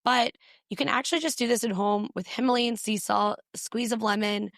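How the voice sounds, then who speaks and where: Lady doctor on a podcast, kinda high voice, rattling off tips one by one, dry close mic. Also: fairly even intonation, a bit bright, no room sound. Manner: brisk, explains point by point in numbered tips. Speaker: physician guest. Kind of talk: podcast interview.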